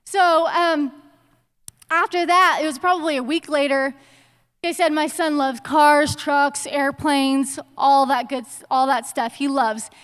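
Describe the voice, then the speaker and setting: A woman's voice: high voice, steady tone, measured pace, fairly bright tone, in a large hall. A young woman giving a casual, conversational sermon in a church, telling stories with chatty slang asides. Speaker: church speaker. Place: church sanctuary.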